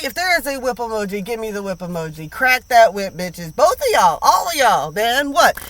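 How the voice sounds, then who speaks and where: A woman's voice: medium pitch, noisy background. A woman giving a casual tarot reading, blunt and emphatic, full of slang and swearing, repeating lines for emphasis. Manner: slangy and profane. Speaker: tarot reader.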